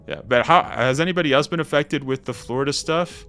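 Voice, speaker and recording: Chatty young male streamer, bright voice. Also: on the high side, fairly quick, smooth, soft background music. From Canada. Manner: chatty, reads chat aloud, slangy and rambling. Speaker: game streamer. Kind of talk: casual live-stream chat.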